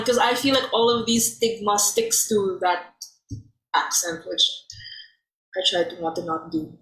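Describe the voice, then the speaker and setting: A woman from the Philippines, an improv performer on a panel, speaking in an animated, candid way. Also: medium pitch, normal speed. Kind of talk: panel discussion. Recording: echoey room.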